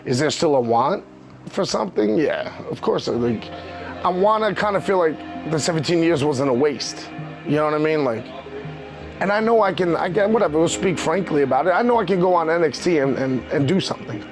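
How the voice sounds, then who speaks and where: A man's voice: on the high side, expressive, a little fast, music in the background. A New man in his thirties, a professional wrestler guest, tells his own story with open emotion. His voice sits a little above the usual male range. He rambles and circles back, filling his talk with "you know what I mean". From New York. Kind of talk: candid personal storytelling.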